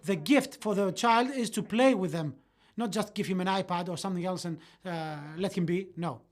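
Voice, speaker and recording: A voice-over interpreter rendering a parenting lecture live, halting and often correcting itself with fillers. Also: medium pitch.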